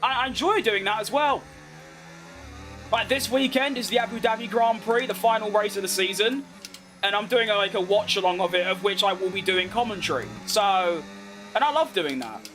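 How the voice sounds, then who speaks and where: A young man with a British accent, chatting casually as he streams a racing game, reacting fast and poking fun at himself. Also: high-pitched, fairly bright tone, faint music behind. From United Kingdom. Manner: chatty, quick reactions to the race, self-mocking. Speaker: gaming streamer. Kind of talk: live gameplay commentary while reading chat.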